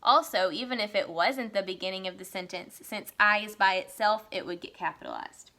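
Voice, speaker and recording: Speaking slowly and clearly in a medium-pitched voice, a woman gives young children a writing lesson. She reads example sentences aloud with lively excitement.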